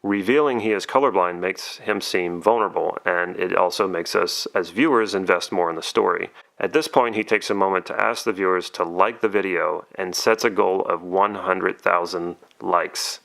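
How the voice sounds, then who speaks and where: A man with a low, deep voice and a gravelly rasp at the ends of his phrases delivers scripted commentary. He explains things step by step in an even, analytical way, like a persuasion coach. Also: normal speed, few pauses. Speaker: YouTube channel host, persuasion coach.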